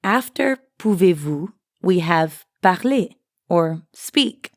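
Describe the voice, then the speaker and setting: Low-voiced woman explaining a lesson. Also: measured pace, a little mellow, no echo, clean studio sound. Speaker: language teacher and co-host. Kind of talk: scripted lesson dialogue.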